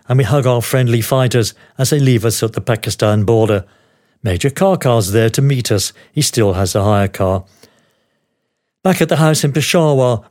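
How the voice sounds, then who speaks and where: A man's voice: medium pitch, a little mellow. An older man narrating his own travel memoir as a podcast host, with a wry, dry humor. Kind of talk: memoir storytelling.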